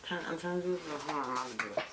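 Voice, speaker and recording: A woman's voice: sits low, rapid-fire. A young woman beauty vlogger gushing playfully through a casual unboxing at home, talking to her viewers. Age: young adult. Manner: gushing and playful, calls viewers "you guys". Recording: steady background noise and clicks.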